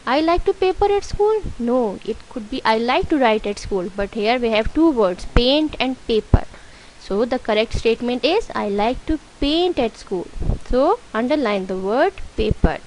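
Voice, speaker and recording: Slow-explaining Pakistani woman teacher. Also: fairly high pitch, rough recording. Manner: slow, explaining step by step, asking questions. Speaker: school teacher. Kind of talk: classroom lesson for young children. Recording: faint background hiss.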